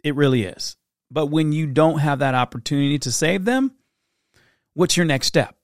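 Animated storytelling dad, dry sound. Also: male voice, a little high, moderate pace, no room sound. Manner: animated storytelling with impressions and laughs. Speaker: parent giving advice. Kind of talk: casual monologue.

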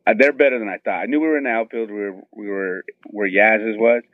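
A man's voice: on the low side, fast, no echo. Middle-aged guy telling a story over a tinny phone line, super dry, gets worked up and does everyone's voices. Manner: excited, tells it with many quoted voices. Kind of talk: animated storytelling on a phone call.

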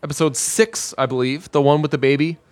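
A man's voice: on the high side, fairly even intonation, a little fast. A man casually recapping a TV episode scene by scene, with plenty of filler sounds. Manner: narrates scene by scene with many "uh" fillers. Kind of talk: casual spoken retelling.

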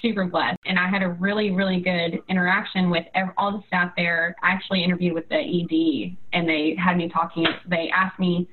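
A woman's voice: lowish voice, little pitch movement, fairly quick, few pauses, background noise. A woman in her twenties, a new nursing graduate, telling her story casually and leaning on "you know" and "like". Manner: chatty, leans on "you know" and "like". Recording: tinny phone-like line.

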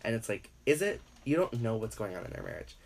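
A man with a fairly low voice delivers a loose, profane opinion rant. He rambles from point to point and leans heavily on filler words as he talks alone to his audience. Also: very animated, quick pace.

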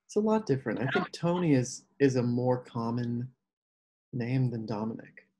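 A man's voice: mid-range voice, moderate pace, mellow. A man in the middle of his range, telling a story with plenty of animation. He acts out the people he quotes and keeps the tone casual. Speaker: podcast guest.

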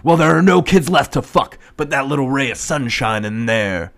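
A man voicing a crude, scheming male captor, higher and louder than his own voice. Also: moderate pace, clean tone, lightly acted. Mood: frantic.

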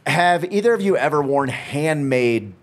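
A man hosting a podcast, asking quick either-or questions in an unhurried way with hesitant fillers. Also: fairly high pitch, lively intonation. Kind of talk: quiz-style podcast hosting.

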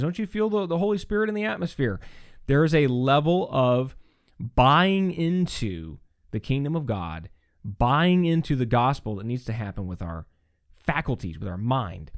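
Animated man teaching on scripture. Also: mid-range voice, dry recording, studio quality. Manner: earnest, animated, frequent restarts and "right?" asides. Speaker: podcast host teaching on scripture. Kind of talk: conversational Bible teaching.

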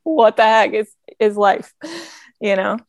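A woman's voice: mid-range voice, measured pace, no echo, clean studio sound. A woman co-hosting a podcast, chatting casually and supportively. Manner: supportive, relaxed, conversational. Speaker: podcast co-host. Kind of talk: casual chat.

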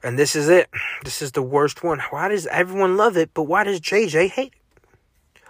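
A man's voice: on the high side, moderate pace, no room sound, studio quality. A man hosting a casual solo podcast, joking and swearing as he reacts aloud to what he browses online. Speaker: podcast host.

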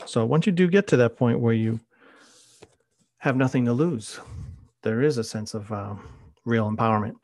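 A middle-aged man hosts a podcast, drifting casually from anecdote to anecdote in a conversational monologue. His voice is ordinary in pitch and darkish in tone, dry and close with no room around it, at normal speed with frequent pauses.

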